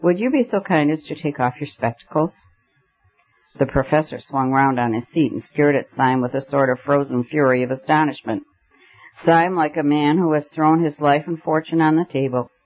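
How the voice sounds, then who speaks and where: A man narrating a novel in measured storytelling. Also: medium pitch, steady tone. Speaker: audiobook narrator. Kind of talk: scripted narration. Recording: dull lo-fi recording.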